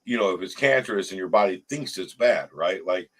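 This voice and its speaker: A man with a low, husky voice holds forth in casual recovery talk. He is earnest and repeats himself as he works out his point, and his voice jumps up when he gets worked up. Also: a little fast, poor audio. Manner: earnest, stumbling restarts, rises sharply when animated. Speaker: show host. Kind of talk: casual recovery group chat.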